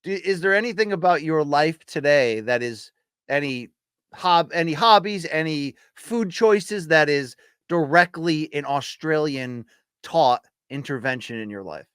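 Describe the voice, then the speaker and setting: A man's voice: fairly high pitch, lively intonation, unhurried, a bit bright, smooth, dry recording, studio quality. A man hosting a podcast, asking joking, upbeat questions in a casual interview. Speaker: podcast host.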